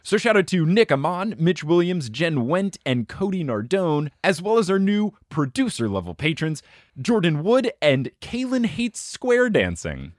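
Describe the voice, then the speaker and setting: Male podcast host, jokey and animated, dry close mic. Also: high voice, unhurried, no echo. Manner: playful, jokey, lively delivery. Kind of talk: casual comedic chat.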